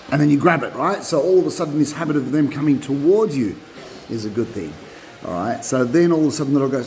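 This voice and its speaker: Male dog trainer, middle-aged, mellow-toned, animated and repetitive, recorded on a propped-up phone. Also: on the high side, fairly quick, a little hiss or hum, rough recording. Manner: animated, repeats himself, acts out dog voices. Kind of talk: casual instructional talk.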